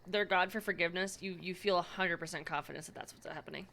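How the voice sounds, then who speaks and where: A woman's voice: fairly low pitch, fast talker. Woman narrating as dungeon master. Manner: relaxed narration with fillers. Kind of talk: narrating a tabletop game.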